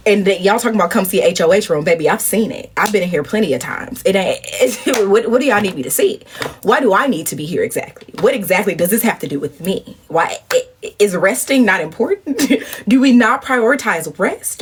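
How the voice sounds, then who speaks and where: A woman in her thirties chatting casually on a livestream, telling stories animatedly, leaping to high indignant exclamations and dropping to low murmured asides. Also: lively intonation, a little fast, slight background noise. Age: 30s. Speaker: livestream host. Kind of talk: casual live-stream chat.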